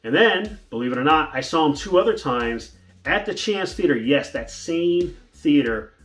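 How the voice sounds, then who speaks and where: A man's voice: a little high, animated, normal speed, a bit bright, faint music behind. A man telling a personal story in a casual vlog, rambling with restarts and fillers. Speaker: vlogger.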